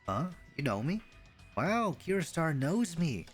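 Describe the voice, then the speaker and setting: A man reading the part of an eager young woman fan who poses as an intern reporter, gushing and excitable. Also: medium pitch, moderate pace, faint music behind. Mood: excited.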